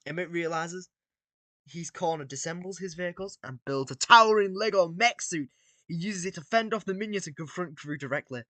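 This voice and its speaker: Bright-voiced man reading aloud casually. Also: sits high, fairly quick, dry recording. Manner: casual, swears and laughs between read lines. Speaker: video creator. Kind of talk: reading out and reacting to AI-written battles.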